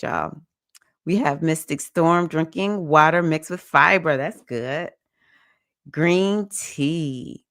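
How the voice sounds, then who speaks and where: A low-pitched, creaky, slightly bright female voice comes through clean studio sound with no echo. She hosts a casual astrology livestream, chatting emotionally and greeting viewers by name as she discusses the week.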